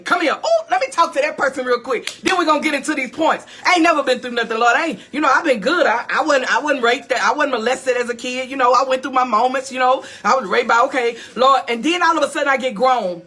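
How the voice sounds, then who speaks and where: High, bright-voiced woman preaching emphatically. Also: a little fast, breathy edge, soft background music. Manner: emphatic and repetitive, calling out to listeners. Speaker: pastor. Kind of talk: preaching-style motivational talk.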